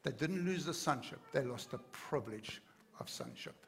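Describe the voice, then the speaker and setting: A man's voice: medium pitch, lively intonation, normal speed, creaky, slight background noise. A man preaching a sermon to his congregation, earnest and building to fervent emphasis. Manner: addresses the congregation directly. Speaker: pastor.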